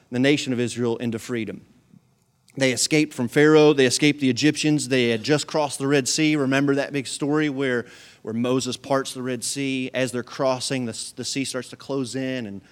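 A male pastor preaching a sermon to his congregation in an animated storytelling manner, with humor and acted-out voices. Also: mid-range voice. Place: church service with a live congregation.

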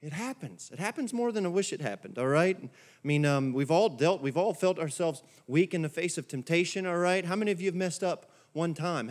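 A man with a fairly high voice preaches a sermon in a church. He talks to the congregation conversationally, repeats his points and keeps asking them questions. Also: darkish tone. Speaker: pastor.

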